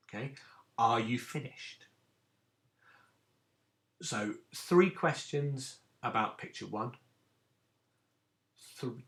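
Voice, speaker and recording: A man's voice: fairly low pitch, gravelly, a bit bright. A man, a teacher giving a recorded lesson to children and explaining each step patiently. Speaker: primary school teacher.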